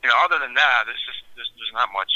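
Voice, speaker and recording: A man's voice: medium pitch, fast, sharp tone, dry recording. A man talking casually as an interview guest, rambling and candid with many restarts, over a dull, dry lo-fi line. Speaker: radio show host, guest.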